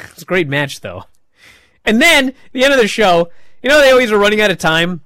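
A man hosting a wrestling talk show, recapping matches in casual chat with animated, mocking outbursts. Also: sits high, fairly quick, smooth, dry recording, clean studio sound. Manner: animated, mocking, jumps to shouting. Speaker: wrestling podcast host.

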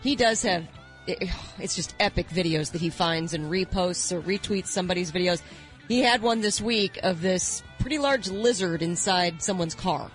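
A woman co-hosting a radio show, telling stories in casual banter with animated exclamations. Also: lowish voice, normal speed, faint music behind. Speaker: radio co-host.

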